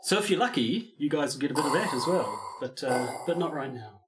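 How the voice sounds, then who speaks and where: A man co-hosting a podcast, bantering in a dry, wry, deadpan way. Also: fairly high pitch, brisk, background noise. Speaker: podcast co-host. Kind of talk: casual comedic banter. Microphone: studio mic, filmed on a sofa.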